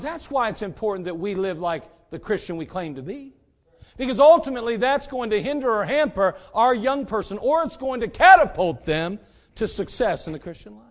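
Preaching in a high voice, this middle-aged pastor keeps things relaxed and folksy, slipping in jokes along the way. He returns again and again to the same rhetorical questions.

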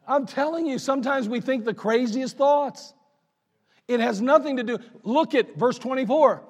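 A man's voice: extremely high pitch, moderate pace. A male pastor preaching a sermon, emphatic, with repeated phrases and a folksy storytelling manner. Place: church sanctuary. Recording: reverberant church hall.

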